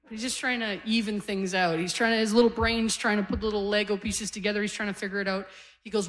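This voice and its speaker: A woman in her forties, originally from Canada, performing stand-up into a handheld mic on a live stage. Her voice sits at a middling pitch, and she tells her stories in a loose, conversational, self-mocking way. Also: steady tone, fairly quick, pauses often. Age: 40s. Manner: conversational, self-deprecating storytelling. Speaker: stand-up comedian. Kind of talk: stand-up comedy set. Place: comedy stage before a live audience.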